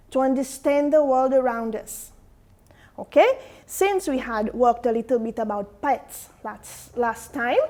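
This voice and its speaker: A woman teaching an English vocabulary lesson to young students, explaining slowly and asking them questions. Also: sits high, dark tone. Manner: slow, explaining, asks questions to the class. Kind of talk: classroom lesson addressed to students.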